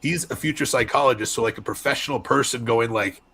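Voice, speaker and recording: A young man from Arizona, a wrestler, chatting candidly as a podcast guest and telling lively stories. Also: mid-range voice, quick pace, creaky, breathy edge. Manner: candid storyteller, animated voices in anecdotes. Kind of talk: casual podcast interview.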